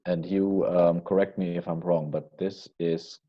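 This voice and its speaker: A man's voice: sits low, flat delivery, highs cut off. A man playing in a tabletop role-play game, chatting casually and hesitantly. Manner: hesitant and unhurried. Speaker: player.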